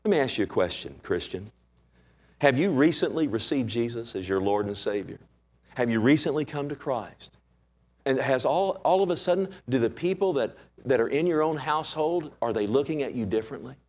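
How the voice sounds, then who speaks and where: A man preaching a sermon as pastor, animated and conversational, with many rhetorical questions. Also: medium pitch, fairly quick.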